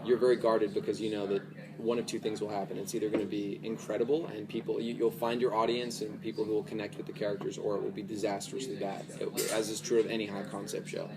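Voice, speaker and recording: A man's voice: on the low side, level tone, fast. A man, an actor being interviewed, chatting casually and animatedly, laughing often and restarting his sentences. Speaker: actor guest. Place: busy fan convention floor. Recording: loud convention crowd behind.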